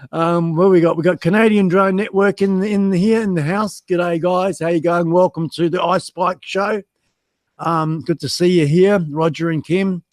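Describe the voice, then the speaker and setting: Australian guy, slightly high voice, casual self-mocking livestream host, dry mic. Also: no room sound. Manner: chatty, self-mocking, reads chat aloud with many ums.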